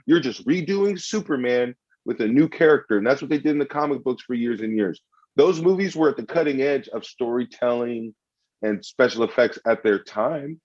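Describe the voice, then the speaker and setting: A man arguing heatedly and swearing freely in a comedic podcast debate. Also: medium pitch. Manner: loud, argumentative, swears a lot. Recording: dull lo-fi sound.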